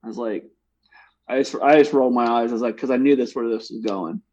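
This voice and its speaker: A man's voice: mid-range voice, fast talker, a little mellow, muffled recording. A man co-hosting a podcast, telling a story in casual chat with frequent laughs. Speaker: podcast co-host.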